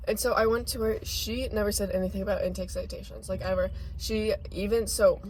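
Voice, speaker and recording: A woman's voice: mid-range voice, fairly even intonation, fairly quick, darkish tone, slight background noise. A teenage girl co-hosting a casual podcast chat, hesitant and full of fillers as she explains things at length. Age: teens. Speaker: podcast co-host.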